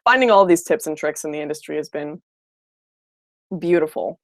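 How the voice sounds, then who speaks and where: A woman chats casually on a livestream, reacting to viewer comments with blunt, opinionated remarks. Her voice sits on the lower side for a woman and sounds dry and close, with no room echo. She often restarts her sentences as she talks. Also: moderate pace. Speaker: livestream host.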